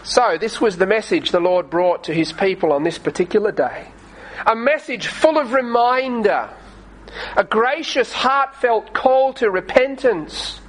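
A man preaching a sermon, reading scripture aloud and slowing down to stress key phrases in an earnest, pleading way. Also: high-pitched, poor audio. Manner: reads scripture in archaic wording, slows for emphasis.

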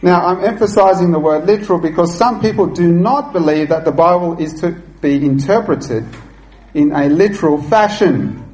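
A man preaching a sermon, earnest and deliberate, teaching with occasional fillers and restarts. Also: fairly high pitch, a little mellow, roomy sound, poor audio.

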